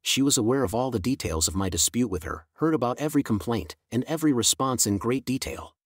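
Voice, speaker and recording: A middle-aged man giving a scripted first-person story narration in an even, steady way. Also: mid-range voice, quick pace, husky, dry recording, clean studio sound.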